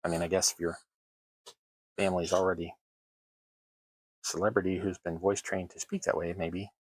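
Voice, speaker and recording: A man's voice: deep voice, little pitch movement, moderate pace, breathy edge, dry recording, low-quality recording. A man hosting a crafting livestream, chatting casually while he works, with wry, self-deprecating asides. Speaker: terrain crafting livestream host.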